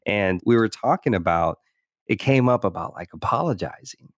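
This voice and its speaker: Reflective male podcast host, low voice. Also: animated, moderate pace, no room sound, clean studio sound. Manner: thoughtful, with frequent restarts and "you know". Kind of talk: reflective interview conversation.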